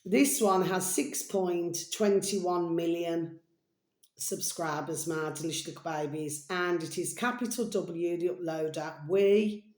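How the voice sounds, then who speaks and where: A woman's voice: fairly low pitch, steady tone, unhurried, a little mellow, roomy sound. A woman hosting a chatty, rambling vlog, calling her viewers "babies" and drifting between topics. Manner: rambling, affectionate, calls viewers "babies", hums and sings snatches. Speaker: video host.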